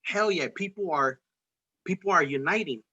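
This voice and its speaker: The man's voice is on the high side and slightly rough, with a sharp tone and moderate pace. Hosting a casual political podcast chat, he gets heated and profane, rambling and restarting a lot. The recording is lo-fi and dull.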